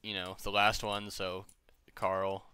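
A man's voice: low voice, monotone, takes it slowly, pushed and bright, clear, resonant tone, no room sound. A young man chatting casually with friends while gaming, rambling, joking and swearing freely. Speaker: gamer streaming with friends.

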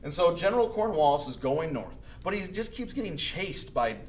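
A man's voice: a little high, sing-song, moderate pace, slight background noise. Chatty male history teacher in an echoey room. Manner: casual and chatty, acts out historical figures in quotes. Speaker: high school history teacher. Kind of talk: recorded classroom lecture.

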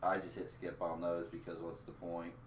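A man's voice: low-pitched, monotone, moderate pace. Laid-back man in an echoey room. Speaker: co-host. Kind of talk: casual gaming banter. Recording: roomy echo, faint noise.

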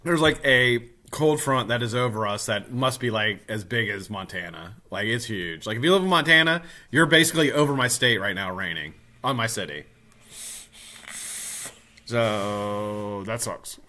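Animated, swearing male vape streamer. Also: medium pitch, moderate pace. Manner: animated, swears freely, greets viewers by name. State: tired. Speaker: live stream host. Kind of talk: casual live stream chat.

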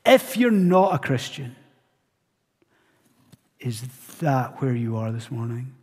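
A man preaching a sermon live in a church, animated and constantly asking the congregation questions. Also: medium pitch, slow pace, slightly rough. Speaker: pastor. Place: church sanctuary. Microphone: live church recording. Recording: long church reverb.

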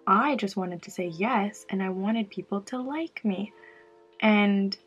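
Husky young woman chatting candidly. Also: medium pitch, slow pace, dull audio, soft background music. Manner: candid and emotional, talks while doing makeup. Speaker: beauty vlogger. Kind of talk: casual get-ready-with-me chat.

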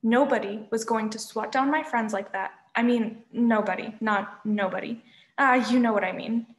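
A woman reads a chapter of a novel aloud, telling it lively in the first person. Her voice sits fairly high. The room around her carries a clear echo. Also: moderate pace. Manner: lively first-person narration, shouting quoted lines. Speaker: reader.

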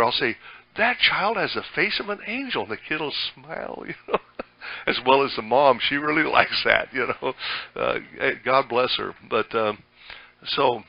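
A man's voice: mid-range voice, dry recording, muffled recording. Folksy older male pastor preaching. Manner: folksy, conversational, with frequent fillers and restarts. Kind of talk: sermon.

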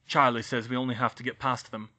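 A man voicing an anxious teenage boy wizard in an audiobook reading, hurried and worried. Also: medium pitch, little pitch movement, pushed and bright, natural voice. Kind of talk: audiobook reading of fan fiction.

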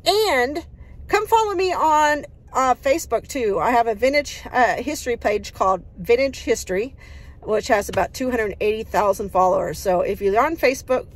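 A woman, chatting casually in her yard for a vlog, upbeat and rambling with lots of fillers. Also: mid-range voice. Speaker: vlogger.

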